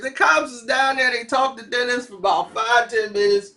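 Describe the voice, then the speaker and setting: A man casually telling a wild story, animated and laughing as he acts out the people involved. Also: extremely high pitch, moderate pace, few pauses. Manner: animated, laughing often, playing the characters. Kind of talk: casual anecdote.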